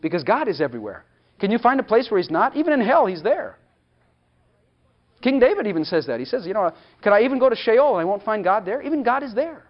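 A man delivers an emphatic sermon in a strikingly high voice that swoops up and down. He keeps asking the congregation questions and slips into speaking as God. The recording sounds dull and lo-fi. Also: very animated, quick pace. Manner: emphatic, rhetorical questions, acts out God's voice. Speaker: preacher.

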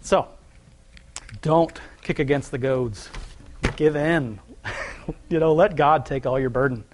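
A young adult man preaching a sermon in a conversational, folksy way. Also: fairly high pitch.

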